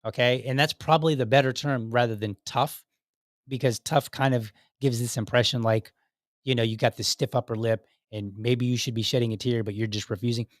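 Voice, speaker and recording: A man's voice: medium pitch, steady tone, a little fast, no echo, clean studio sound. A man in his thirties hosting a solo talk show, speaking in a conversational way with frequent restarts and asides. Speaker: podcast host.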